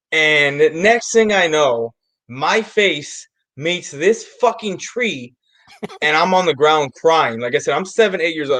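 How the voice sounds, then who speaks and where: Animated, cursing man telling stories. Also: fairly high pitch. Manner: animated storyteller, swears freely. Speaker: panel guest. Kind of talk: casual sports talk.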